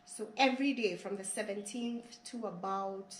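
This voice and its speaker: A woman's voice: medium pitch, normal speed. Earnest woman in a roomy space. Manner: earnest, repeats herself, rising with emotion. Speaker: guest telling her story. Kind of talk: personal storytelling interview. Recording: roomy echo, faint background hiss.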